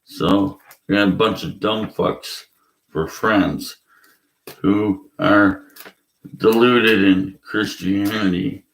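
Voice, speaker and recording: Male vlogger, low gravelly voice, slow profane rant; echoey room. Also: fairly even intonation, a bit bright. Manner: blunt, profane, rambling with fillers. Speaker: atheist vlogger. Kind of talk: ranting vlog monologue.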